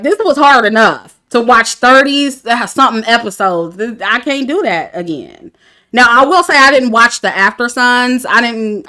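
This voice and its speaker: This woman's voice sits on the high side, bright and forceful. She comments on reality TV, and here she's casually talking through a dating show with her livestream chat, candid and often laughing.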